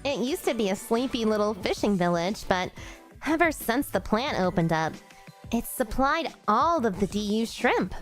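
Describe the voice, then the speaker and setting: A woman's voice: fairly high pitch, very animated, normal speed, faint music behind. A woman streamer reading a game story aloud, voicing every character herself and breaking off to laugh at her own attempts.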